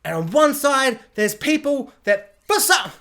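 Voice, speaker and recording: Sarcastic, bright-voiced male reviewer. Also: very high voice, unhurried. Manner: sarcastic, animated, slips into mock voices. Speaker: YouTube reviewer. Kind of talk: ranting spoilers review.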